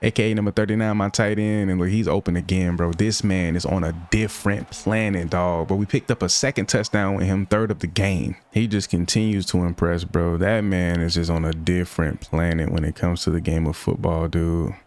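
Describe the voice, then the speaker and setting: Young guy streaming a football game, lowish voice, slangy, keeps groaning at his own mistakes. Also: little pitch movement, fairly quick, few pauses, darkish tone, slight background noise. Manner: slangy, frustrated outbursts, talks to himself. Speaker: gaming streamer. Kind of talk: live gameplay commentary.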